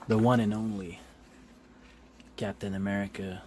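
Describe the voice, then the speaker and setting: A man casually paging through a comic book on camera, chuckling often, filling pauses with "uh", swearing loosely and acting out the characters' lines. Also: lowish voice, a little hiss or hum. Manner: chuckling, loose, acts out quick character quotes; many fillers, relaxed swearing. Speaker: comic book video host. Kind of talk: casual flip-through commentary.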